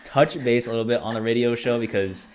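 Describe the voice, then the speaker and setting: A man's voice: mid-range voice, fast, darkish tone, slight background noise. A young man hosting a podcast interview, chatty and encouraging toward his guest. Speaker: host.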